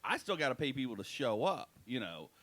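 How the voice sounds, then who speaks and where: A man's voice: mid-range voice, very animated, brisk, fairly bright tone. A man hosting a radio comedy talk show, laughing often and bantering easily.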